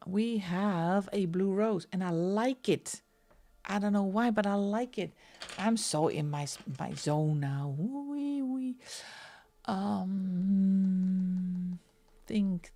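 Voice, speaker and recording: A woman's voice: lowish voice, gravelly, darkish tone. A Dutch woman with a Dutch accent chatting casually with her viewers while she colours on a live stream, often laughing. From Netherlands. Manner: chatty, laughs often, reads chat aloud.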